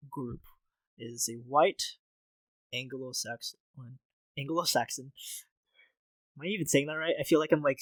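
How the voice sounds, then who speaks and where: A man talks loosely on a podcast, leaning on "like" and restarting his thoughts. His voice sits in a middle pitch. The room sounds dry and close. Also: a bit bright, dry recording, rough recording. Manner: casual, heavy use of "like" fillers. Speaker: podcast co-host. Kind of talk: casual podcast discussion.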